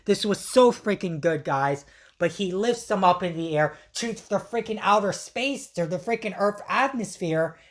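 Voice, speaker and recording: Excited woman with a strained voice. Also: medium pitch, moderate pace. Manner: excitable, many fillers and slang. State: voice strained from yelling. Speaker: reviewer. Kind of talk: excited casual episode recap.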